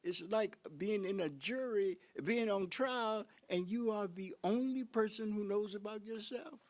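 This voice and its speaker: An older man, a professor, giving a reflective conference lecture full of rhetorical questions, halting now and then with fillers and restarts. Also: sits high. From United States.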